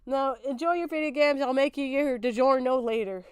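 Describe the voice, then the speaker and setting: A woman's voice: high voice, brisk, no room sound. A woman streaming and chatting casually, with a goofy, cartoonish voice, laughing often and swearing freely.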